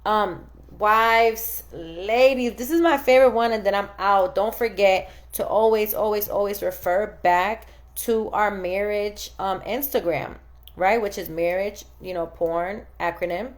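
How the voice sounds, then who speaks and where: A woman's voice: medium pitch, a little slow. A woman in her thirties hosting a casual chat, telling stories animatedly and acting out quoted dialogue. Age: 30s. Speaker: podcast host.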